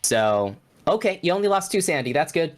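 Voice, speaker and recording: A man's voice: fairly high pitch, big pitch swings, fairly quick. Chatty male game master. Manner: loose and chatty, full of restarts and fillers. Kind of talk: narrating a horror tabletop game.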